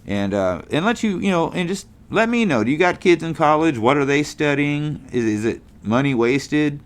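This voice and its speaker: A man's voice: a little high, animated, moderate pace. A middle-aged man from California hosting a casual monologue show, rambling in a folksy way with lots of fillers and restarts. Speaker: podcast host.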